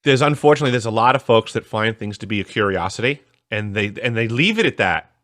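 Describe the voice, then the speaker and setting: Male podcast host; low-pitched, blunt, exasperated, recorded dry and close. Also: lively intonation, quick pace, fairly bright tone, no echo. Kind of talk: casual podcast conversation.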